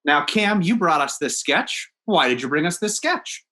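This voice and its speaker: A man hosting a comedy podcast, upbeat as he leads the talk into each segment. His voice is bright and forceful and sits a little higher than most men's. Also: expressive, normal speed. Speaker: podcast host. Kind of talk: casual podcast chat.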